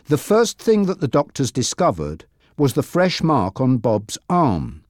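A man narrating a graded reader audiobook, reading slowly and clearly. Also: mid-range voice, no echo, studio quality. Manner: slow, clear, expressive reading.

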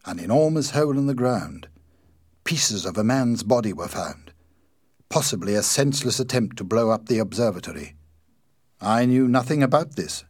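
A man reading the part of an agitated, angry male anarchist, pressing and indignant, in a husky, animated voice. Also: medium pitch, normal speed, no echo, clean studio sound.

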